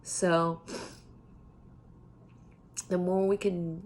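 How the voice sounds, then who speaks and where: A middle-aged woman speaking in a heartfelt motivational monologue, earnest and repeating phrases for emphasis, sometimes dropping to a soft whisper. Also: lowish voice, a little slow, gravelly, long pauses, a little hiss or hum. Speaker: self-help vlogger.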